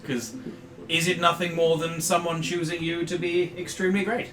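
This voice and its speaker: A man's voice: on the high side, flat delivery, normal speed. A man playing a tabletop game, bantering in character in a grandiose, theatrical manner. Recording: echoey room with background noise.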